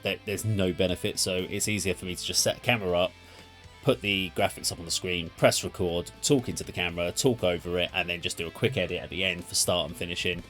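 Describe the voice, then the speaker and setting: A man's voice: deep voice, fast, a bit bright. A man who hosts a music reaction channel, talking in a thoughtful, rambling way and often correcting himself. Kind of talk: casual spoken commentary.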